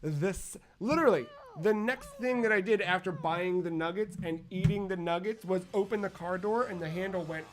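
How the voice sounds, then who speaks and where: A man's voice: high voice, normal speed, few pauses. A man in his thirties chatting casually as a podcast co-host, telling rambling, profane stories. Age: 30s. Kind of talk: casual chat.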